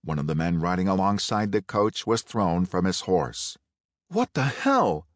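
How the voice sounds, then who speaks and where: A man narrating a Western audiobook in a measured, unhurried storytelling manner. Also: deep voice, no echo. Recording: dry close studio read.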